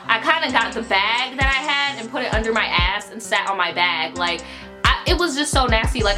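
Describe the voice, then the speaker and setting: A young adult woman telling a story in an animated, profane, filler-heavy style. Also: on the high side. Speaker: YouTuber. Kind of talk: casual storytime vlog. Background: music.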